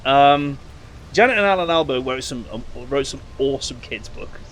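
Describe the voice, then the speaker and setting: A man's voice: mid-range voice, animated, normal speed, a bit bright, slight background noise. Chatty man playing a game. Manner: chatty, laughs often, stumbles over names. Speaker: game streamer. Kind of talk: casual let's play commentary.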